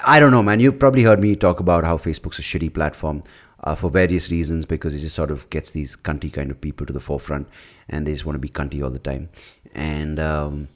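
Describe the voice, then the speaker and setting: A man with an Indian English accent, hosting a podcast and ranting in a rambling, profane, casual way, often correcting himself. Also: low voice. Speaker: comedian podcast host. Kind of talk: casual rant.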